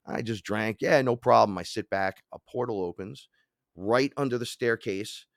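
A middle-aged man with a low voice tells a sprawling personal story as a podcast guest. He throws himself into the quoted voices, jumping up in pitch and loudness to act them out. The sound is dry and close to the mic. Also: moderate pace, gravelly, no echo. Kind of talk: animated storytelling.

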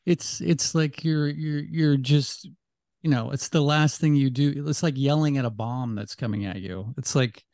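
A man guesting on a podcast, thinking aloud in casual chat with halting restarts. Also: medium pitch, a little mellow, dry recording, clean studio sound.

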